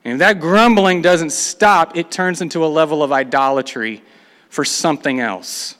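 A man's voice: on the high side, normal speed, a bit bright. A man preaching a sermon, reading scripture aloud and acting out the complaints of the people in between. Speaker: pastor. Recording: long hall reverb.

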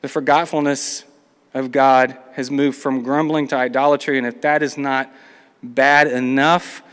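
A man's voice: medium pitch, level tone, measured pace, a bit bright, smooth. A man preaching a sermon, reading scripture aloud and acting out the complaints of the people in between. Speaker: pastor. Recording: long hall reverb.

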